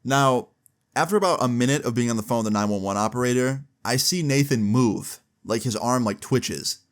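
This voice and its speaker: Brief: young guy, mid-pitched, casual storytime vlogger, swears a lot. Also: moderate pace. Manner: animated, casual, swears freely. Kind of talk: storytime vlog.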